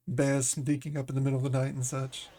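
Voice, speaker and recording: A man's voice: mid-range voice, flat delivery, normal speed, mellow, close to an everyday voice. A man voicing a tipsy, flamboyant male bard with a theatrical put-on accent, cheeky and calling everyone dear. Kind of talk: in-character banter over a game.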